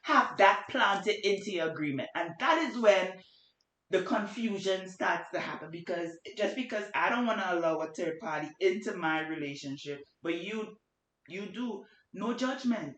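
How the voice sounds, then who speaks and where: A woman's voice: mid-range voice, animated, normal speed, a bit bright. A woman in casual podcast chat, giving blunt, profane opinions with emphasis. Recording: echoey room recording.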